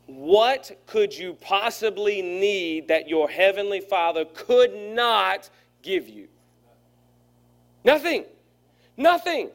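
A man's voice: high-pitched, slow. A man preaching a sermon to his church, folksy and joking, acting out characters in his stories. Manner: folksy and humorous, acts out voices in stories. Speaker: pastor.

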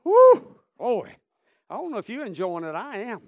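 A man preaching a revival sermon, swinging between shouted praise and hushed storytelling. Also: sits high, very animated, a little fast, creaky, dry recording, narrow, tinny audio. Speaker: traveling preacher.

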